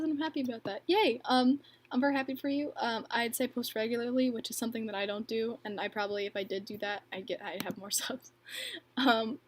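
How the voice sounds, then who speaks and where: A young woman hosting a casual livestream, reading viewer questions and answering in a chatty, filler-heavy way with frequent laughs. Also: fairly high pitch. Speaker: livestream host and bracelet maker.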